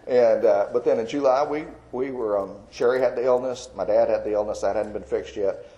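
A man's voice: mid-range voice, a little fast, mellow, highs cut off. Folksy man telling a faith story. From Texas. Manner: folksy storytelling with chuckles and restarts. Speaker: Christian artist giving testimony. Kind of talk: personal testimony.

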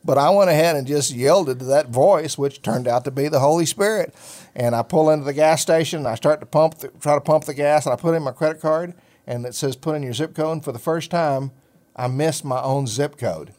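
A middle-aged man hosting a ministry talk show tells a personal faith story in casual, folksy chat, rambling with lots of fillers. His voice is on the high side with a darkish tone, and he talks a little fast.

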